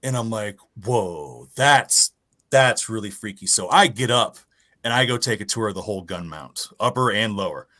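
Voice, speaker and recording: A man casually telling a profane, animated ghost story from his Navy days. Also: fairly low pitch, fairly quick. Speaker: guest storyteller.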